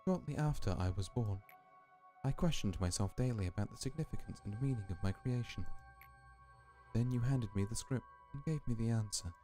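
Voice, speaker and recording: A man reading as a hushed, wistful artificial being. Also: mid-range voice, fairly quick, soft background music, close to an everyday voice. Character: newly created artificial being, quietly searching for meaning.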